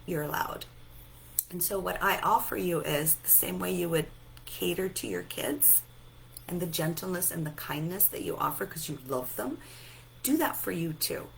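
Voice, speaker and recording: A sleepy woman giving a gentle self-help talk, softly repeating reassuring affirmations. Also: lowish voice, normal speed, creaky, a little hiss or hum, rough recording. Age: adult, a mother. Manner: soft, repetitive, reassuring affirmations. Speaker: self-help and EFT speaker.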